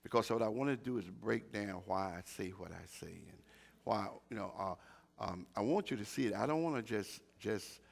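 Gravelly older man preaching a sermon. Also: on the low side, expressive, normal speed. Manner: swings from quiet talk to shouted preaching, stammers and repeats words.

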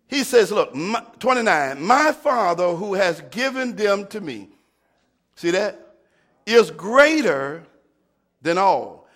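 High-voiced preacher guy, gravelly, swings way up and down, yells back and forth with the church. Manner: call-and-response, rising to shouts; repeats words and restarts often. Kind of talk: sermon.

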